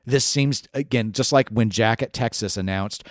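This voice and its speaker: A man co-hosting a gaming podcast in casual chat, animated and playful, riffing and teasing his co-host. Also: mid-range voice, no room sound, studio quality. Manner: animated, playful, quick to riff and tease.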